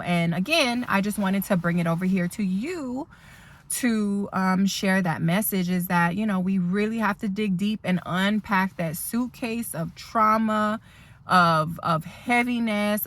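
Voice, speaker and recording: A woman's voice: mid-range voice, a bit bright. Woman instructor, earnest and emotional, rambling car vlog, mid-range voice. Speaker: dental assisting instructor. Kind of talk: heartfelt storytelling vlog. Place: parked car.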